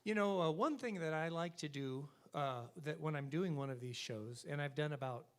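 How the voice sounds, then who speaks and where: A man's voice: fairly high pitch, normal speed. A man leading a swing band, telling jokes and chatting with a church concert crowd. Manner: joking, animated storyteller. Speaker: bandleader and singer. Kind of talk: live stage banter and joke telling. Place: church stage.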